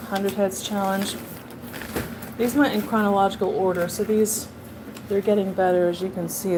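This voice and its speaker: A woman, an artist and video maker, shows off her art journal in a casual show-and-tell vlog, chatting, rambling and laughing at herself. Her voice is mid-range, and the background is noisy.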